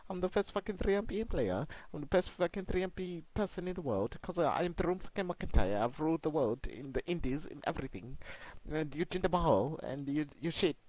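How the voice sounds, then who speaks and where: A man's voice: a little high, animated, a little fast, hardly any pauses, a little mellow, no echo, poor audio. A young man putting on a boastful male pro wrestler, swearing through a trash-talking promo in an attempted Scottish accent.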